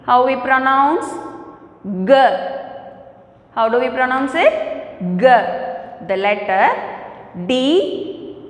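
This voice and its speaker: Indian english teacher lady talking slow to little kids, high voice, lots of echo. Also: lively intonation. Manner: slow, repetitive questions to the class. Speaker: kindergarten teacher. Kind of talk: online lesson for young children. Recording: echoey hall, voice from a distance.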